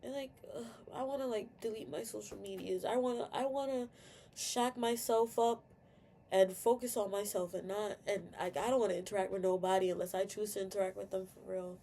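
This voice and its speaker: A woman's voice: medium pitch, steady tone, a little fast, warm tone, a little hiss or hum. A young woman venting candidly in a personal video rant, full of fillers and swearing, tearful at times. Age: young adult. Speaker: vlogger.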